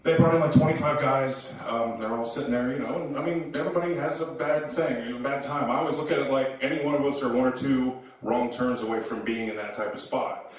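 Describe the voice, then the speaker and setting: A man doing stand-up, telling a long story with loud, animated bursts when he acts out the people in it. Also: mid-range voice, a little fast. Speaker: stand-up comedian. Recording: echoey room, heard from a distance.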